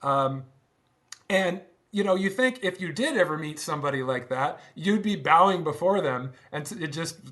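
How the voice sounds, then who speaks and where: A middle-aged man speaking as an interview guest, telling stories in a casual, animated way, laughing often and restarting his sentences. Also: fairly high pitch, moderate pace. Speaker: guest, former band drummer. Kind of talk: casual conversational storytelling.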